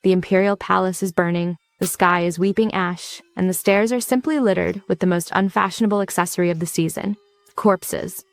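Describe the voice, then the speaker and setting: A woman's voice: on the low side, steady tone, a little fast, no room sound, soft background music. A woman narrating a story recap from a script, in a campy, sarcastic and theatrical way.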